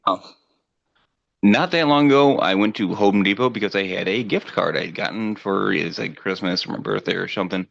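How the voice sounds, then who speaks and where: A man's voice: fairly low pitch, normal speed, vocal fry, fairly bright tone, no room sound, highs cut off. A middle-aged man co-hosting a podcast, chatting casually and ranting with profanity, acting out voices in his stories. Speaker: podcast co-host. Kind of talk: casual chat.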